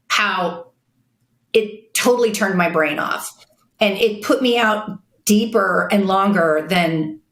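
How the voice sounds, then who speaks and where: A woman's voice: medium pitch, a bit bright. Blunt woman guest in an echoey room. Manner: frank, blunt, forthright. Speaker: guest, makeup artist and CEO. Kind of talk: casual interview chat.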